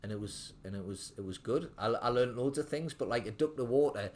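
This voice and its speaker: A man's voice: mid-range voice, animated, fairly quick. A man, telling his story as a guest in a casual podcast interview, rambling with lots of "like". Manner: rambling, full of fillers like "like". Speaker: guest, restaurant owner.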